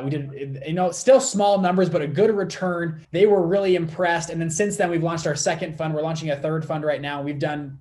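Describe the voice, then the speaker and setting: Young male guest, animated storyteller, slightly high voice, chatty interview delivery. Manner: animated, fast storytelling with many fillers. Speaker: podcast guest, fund manager.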